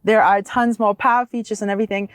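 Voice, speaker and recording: A woman's voice: medium pitch, quick pace, smooth, dry recording. Bubbly woman reviewing a truck, dry sound. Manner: bubbly, excitable, laughs easily. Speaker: vlog co-host. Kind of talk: casual car review chat. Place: inside a vehicle and outdoors beside it.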